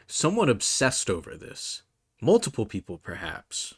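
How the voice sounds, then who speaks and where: A man's voice: medium pitch, wildly swooping pitch, a little slow, husky, no room sound, clean studio sound. A man hosting a casual comedy podcast, rambling through fillers and restarts and laughing often. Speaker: podcast host.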